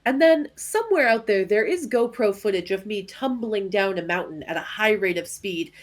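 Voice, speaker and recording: A woman's voice: medium pitch, expressive, moderate pace. A woman co-hosting a casual podcast from home, telling self-mocking, joking stories. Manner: self-deprecating, joking storyteller. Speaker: podcast co-host. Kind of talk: casual chat. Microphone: headphones on, home recording.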